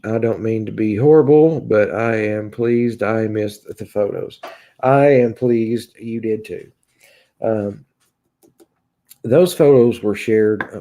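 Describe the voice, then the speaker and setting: A man from Kentucky with a Kentucky accent chats casually on a livestream and answers viewer comments as he reads them out. His voice is low, gravelly and dark. He talks haltingly, with frequent filler sounds and false starts. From Kentucky, USA. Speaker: livestream host reading chat.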